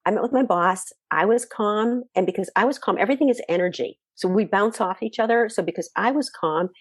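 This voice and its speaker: A middle-aged woman from the Boston area, a mindset coach telling stories as a guest in a chatty, animated way. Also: mid-range voice, brisk, slightly rough, no echo. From Boston area, USA. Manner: animated, chatty, frequent fillers. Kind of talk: conversational storytelling.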